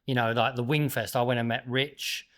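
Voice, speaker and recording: A man hosting a podcast, chatting casually and telling lively anecdotes. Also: mid-range voice, moderate pace. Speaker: podcast host and barbecue shop owner.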